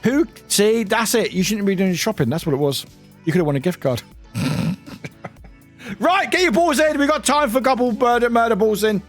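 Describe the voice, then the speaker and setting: A man's voice: sits high, lively intonation, normal speed, faint music behind. A British man streaming live, chatting casually with viewers, swearing freely and laughing often.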